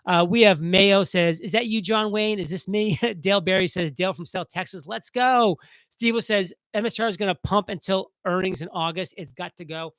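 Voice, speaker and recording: A man hosting a casual live stream, talking fast and excitedly as he reads viewer comments aloud. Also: sits high, dry recording, low-quality recording.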